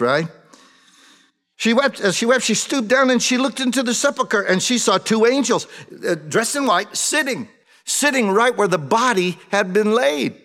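Pastor with booming hall reverb. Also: male voice, fairly bright tone. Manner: conversational storytelling, acting out quoted voices. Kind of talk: sermon.

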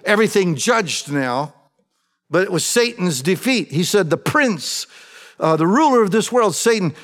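High-voiced preacher in a reverberant hall. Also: male voice. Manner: expressive, acts out quoted prayers, addresses the congregation. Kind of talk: sermon.

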